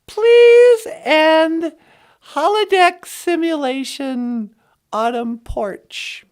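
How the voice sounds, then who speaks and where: A woman's voice: high-pitched, expressive, takes it slowly. A woman co-hosting a casual vlog, teaching an Ojibwe phrase of the day in a playful, goofy way and laughing often.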